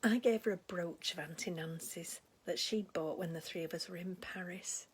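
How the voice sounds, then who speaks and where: A woman's voice: lowish voice, normal speed. A woman playing a gossipy, sentimental older village lady in a comic monologue, with a chatty, rambling way of talking. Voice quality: very breathy, husky voice.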